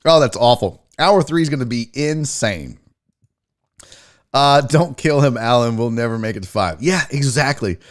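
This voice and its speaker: A man hosting a sports talk livestream, a little drunk, joking loudly with his chat and swearing often. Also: mid-range voice, animated, normal speed. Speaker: sports talk show host.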